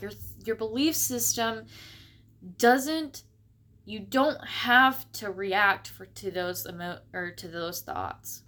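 Woman, young adult, personal monologue, emotional, halting, near tears. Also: mid-range voice, sharp tone. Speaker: vlogger.

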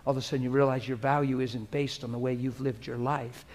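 A pastor preaching a sermon to a congregation in a room, talking straight to the people in front of him. He swings from soft, hushed prayer to loud, lively preaching. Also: mid-range voice, fast talker. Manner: earnest, conversational preaching, addressing the room directly. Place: church hall before a congregation.

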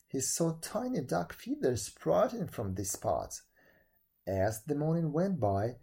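A man reading a folk tale aloud as narrator, with dramatic, expressive delivery. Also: a little high, vocal fry, husky.

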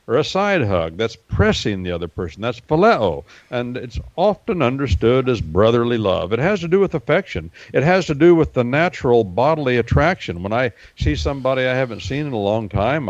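A low-pitched man holds forth on a talk radio show, circling back to his points and filling gaps with "uh". His voice comes through dull and lo-fi, with a dry sound and no room echo. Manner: explanatory and repetitive, with many fillers. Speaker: regular Bible-history guest.

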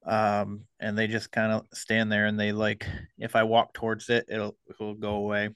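Man, podcast host, low voice, smooth tone, dry close sound, hesitant and casual. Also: normal speed, no room sound. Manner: relaxed, hesitant, many ums and uhs. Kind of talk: casual conversation.

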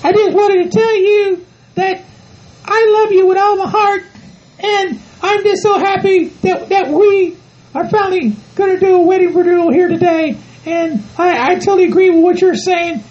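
A woman's voice: very high voice, moderate pace, darkish tone. A woman playing a sweet, sentimental ranch wife who rambles gushingly through her vows. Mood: tender. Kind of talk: comedic role-play podcast. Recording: dull lo-fi home recording.

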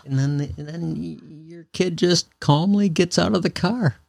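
A man's voice: fairly high pitch, moderate pace, gravelly, darkish tone. A man with a Michigan accent co-hosting a podcast in casual chat, often stammering and repeating words. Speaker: podcast co-host.

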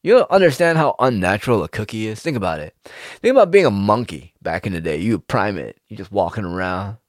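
A man, rambling in a casual, profane monologue with sudden jumps in pitch. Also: expressive, fairly quick, dry recording, clean studio sound.

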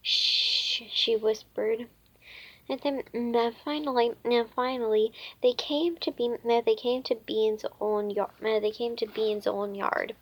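A woman reading a children's book aloud, halting often with fillers and restarts. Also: a little high, steady tone, darkish tone, dull audio. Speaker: reader.

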